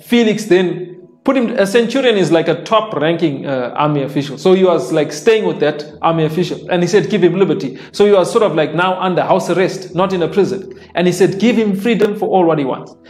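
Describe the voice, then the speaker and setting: Over soft worship music, a man with a high-pitched voice preaches a sermon a little fast. He reads scripture aloud, explains it plainly, and repeats phrases for emphasis.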